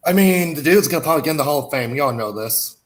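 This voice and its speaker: A man's voice: on the high side, animated, rapid-fire. A man on a casual sports panel, wry and sarcastic, stretching out his words.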